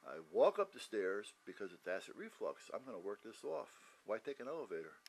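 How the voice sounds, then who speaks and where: A man's voice: on the low side, big pitch swings, a little fast, vocal fry, slightly rough, rough recording. A man casually telling a personal story in a blunt way, cursing freely and acting out the dialogue. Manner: blunt, swears freely, acts out quoted dialogue. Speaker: vlogger recounting his heart attack.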